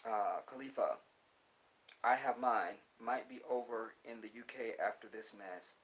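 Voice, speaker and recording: A man's voice: on the low side, measured pace. A man with a Texas accent chatting on a phone livestream and reading viewer comments aloud, now and then breaking into heated, profane rants. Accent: Texan. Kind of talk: casual livestream chat.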